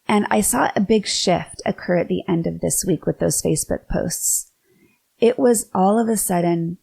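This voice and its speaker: Gravelly, mellow-voiced woman host. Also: on the low side. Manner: earnest and candid, with some repeated restarts. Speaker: podcast host. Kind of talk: personal storytelling monologue.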